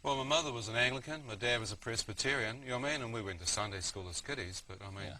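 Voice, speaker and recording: New man, bright voice, vivid storyteller, faint hiss. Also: mid-range voice, very fast, rough recording. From New Zealand. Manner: vivid, keeps saying "you know what I mean". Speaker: guest. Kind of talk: testimony storytelling.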